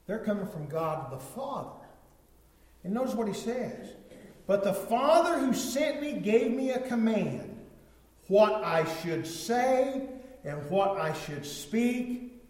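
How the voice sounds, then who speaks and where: A man preaching a sermon, emphatic, swinging from loud stressed words to low, drawn-out phrases. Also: animated. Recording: echoey hall.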